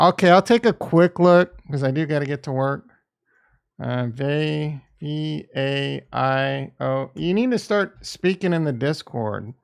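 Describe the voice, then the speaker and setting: A middle-aged man hosting a casual crypto livestream, reading viewer comments in a blunt, profane, jokey way that swings between loud and soft. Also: on the high side, clean tone. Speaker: crypto stream host.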